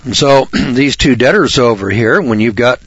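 Folksy, blunt male radio host with a husky voice, recorded dry and close. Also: mid-range voice, moderate pace, fairly bright tone, dry recording, dull audio. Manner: folksy, blunt, frequent throat clearing. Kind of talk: radio talk monologue.

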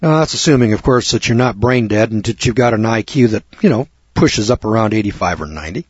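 A man preaches a sermon in a blunt, punchy, folksy way. His voice is husky. The recording is dull, lo-fi and dry. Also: lowish voice, expressive, fast, no room sound.

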